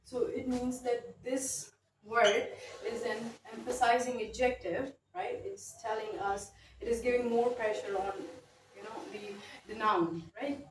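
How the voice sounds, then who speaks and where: A woman teaches a grammar lesson, explaining patiently and dotting her talk with fillers and "right?". Her voice sits a little high. It was recorded from a distance in a roomy, echoey space with faint ambience behind it. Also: fairly even intonation, measured pace, slight background noise. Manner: explains patiently with many fillers and tag questions. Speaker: English teacher.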